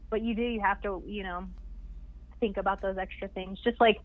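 Over a tinny phone line, a woman chats casually as a podcast guest in an interview. Her medium-pitched voice moves at a normal speed with fairly even intonation, and she laughs often and says "like" constantly.

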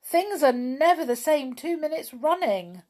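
A woman's voice: high voice, lively intonation, measured pace, darkish tone, voice pushed up. A woman voicing an upset young girl in a children's storybook reading, speaking indignantly. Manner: indignant, complaining.

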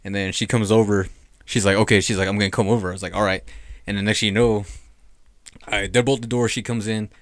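A man's voice: fairly low pitch, fairly even intonation, fast, no room sound. A young man telling a spooky story in casual podcast chat, rambling and swearing, full of fillers. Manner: rambling, profane, lots of "like".

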